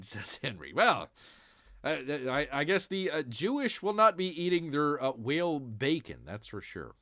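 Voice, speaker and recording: Animated man chatting on a livestream. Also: on the high side, normal speed, dry recording, clean studio sound. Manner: refers to himself in third person, keeps calling the audience "people"; joking, sarcastic asides. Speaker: livestream host. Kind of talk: casual livestream news chat.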